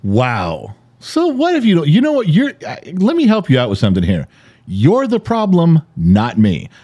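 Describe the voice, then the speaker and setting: A man's voice: mid-range voice, wildly swooping pitch, moderate pace, mellow, dull audio. A middle-aged man co-hosting a podcast, bantering with his wife in a teasing, mock-offended, boastful way. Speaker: podcast co-host. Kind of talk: bantering married couple chat.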